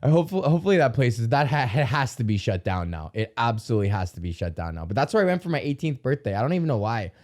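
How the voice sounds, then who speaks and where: A man's voice: medium pitch, big pitch swings, very fast, few pauses, a little mellow. A young man from Alberta, Canada, hosting a podcast, telling stories in a profane, rambling comedic rant with yelps acting out pain. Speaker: podcast host.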